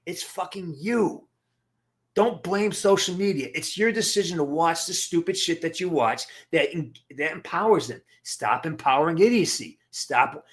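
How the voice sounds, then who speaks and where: A middle-aged man hosting a livestream, ranting to his live chat in a blunt, profane, emphatic way and answering viewers' comments. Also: fairly high pitch. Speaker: livestream host. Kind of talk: casual rant to live chat.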